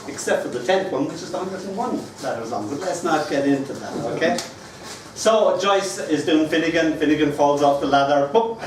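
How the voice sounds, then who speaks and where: An older Irish man performs his poems live, and between verses he slips into playful, teasing banter. His voice sits a touch high for a man. He is caught from some way off the mic, in a very echoey room with faint noise behind him. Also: distant mic. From Ireland. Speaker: poet. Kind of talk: live poetry reading.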